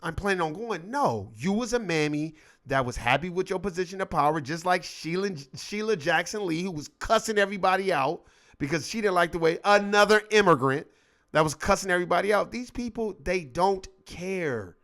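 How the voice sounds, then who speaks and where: A man's voice: high voice, animated, a little fast, a bit bright. A man hosting his own show, giving a heated, profane political rant and mocking people by acting out their lines. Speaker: show host.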